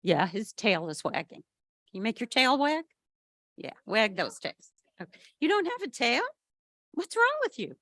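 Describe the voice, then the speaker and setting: A woman reading a picture book aloud at a family service and asking the children questions in an animated way. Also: a little high, normal speed, no room sound.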